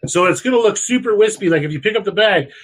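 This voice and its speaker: A young man co-hosting a podcast in casual chat, rambling and crude, with vivid slang and lively bursts. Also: sits high, fast talker, rough recording. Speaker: podcast co-host.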